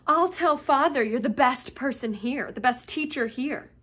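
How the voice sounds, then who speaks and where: A woman reading aloud, voicing a smug, sneering rich schoolboy who taunts loudly and slyly. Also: high voice, measured pace, husky, heavily acted. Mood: taunting. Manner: taunting, loud and sly.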